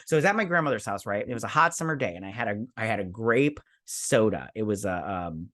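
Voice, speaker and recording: A man's voice: lowish voice, lively intonation, fast, pushed and bright, dry recording, clean studio sound. A man hosting a casual episode recap, rambling and digressive, full of fillers and side stories. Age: adult parent. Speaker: show host reviewing an episode.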